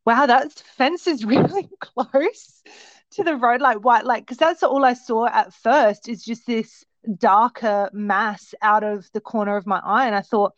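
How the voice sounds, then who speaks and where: A woman with a fairly high voice tells her story in a rambling, animated way, circling back with restarts. The recording is dry and close, with no room around her. The sound is dull and lo-fi. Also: no echo. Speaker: guest recounting a sighting. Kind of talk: casual storytelling.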